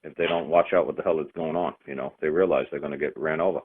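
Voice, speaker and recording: A man's voice: a bass voice, steady tone, fast talker, a little hiss or hum. Man, casual storytelling, blunt, swearing, phone-like sound. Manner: blunt, profane, emphatic. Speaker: teacher of a study group. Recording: tinny phone-line sound.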